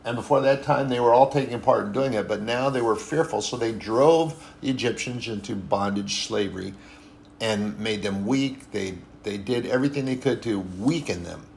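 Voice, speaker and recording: A man with a gravelly, fry-edged voice delivers a sermon in a loose, conversational manner. He circles back on his points, repeating phrases for emphasis, and stops now and then to correct himself. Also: medium pitch, normal speed, a little mellow, slight background noise. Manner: conversational, repetitive and emphatic, with frequent restarts and apologies. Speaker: preacher.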